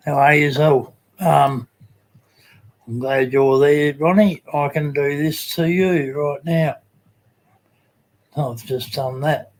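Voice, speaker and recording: A man hosting a casual livestream, greeting viewers in the chat by name with many halting fillers. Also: fairly high pitch, rough recording. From Australia. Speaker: livestream host.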